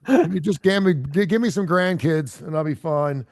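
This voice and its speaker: A middle-aged man hosts a casual radio chat, his voice sitting a bit high with a gravelly edge. He rambles, pokes fun at himself and fills gaps with ums and restarts. The sound is dry and close to the mic. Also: expressive, normal speed, darkish tone, no room sound. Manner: rambling, self-deprecating, full of fillers and restarts. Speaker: radio show host.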